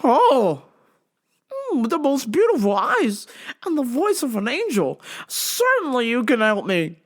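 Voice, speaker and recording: A woman's voice: a little high, huge pitch swings, full character voice. A woman doing a fawning, drawling rustic man. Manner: drawn-out, fawning compliments.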